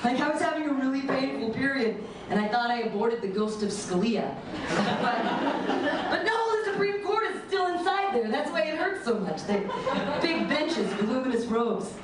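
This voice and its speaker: A woman doing a bawdy stand-up comedy set with deadpan punchlines, recorded from far off in an echoey room. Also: high voice, normal speed, very noisy.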